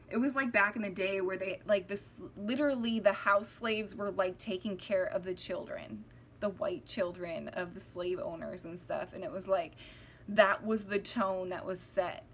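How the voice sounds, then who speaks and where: A woman's voice: medium pitch, steady tone, unhurried. A young woman talks straight to her viewers in a casual, emotional monologue. She rambles, restarts her sentences and sounds close to tears. A faint hiss runs under her voice. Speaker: spiritual vlogger. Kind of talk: casual heartfelt monologue to camera.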